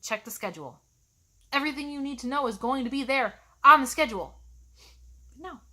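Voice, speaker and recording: A woman's voice: sits high, fairly quick, bright, forceful tone. A woman college instructor ranting to camera in a snarky, sarcastic, exasperated way.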